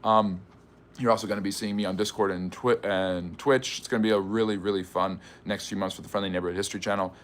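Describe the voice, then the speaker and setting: A man's voice: on the low side, steady tone, fast. A man hosting a live history stream, reading viewer questions aloud and answering them in a chatty way. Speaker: history channel host.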